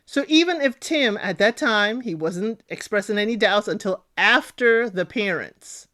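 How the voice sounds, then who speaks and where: Expressive woman recapping a TV show. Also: medium pitch, moderate pace, few pauses. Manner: expressive, acts out other people's lines. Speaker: podcast host. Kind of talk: casual TV recap commentary.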